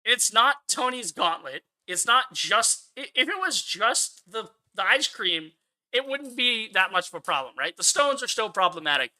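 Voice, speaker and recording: A man's voice: high-pitched, very animated, normal speed, pushed and bright. A man hosting his own channel, giving a profane, exasperated rant of movie commentary. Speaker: channel host.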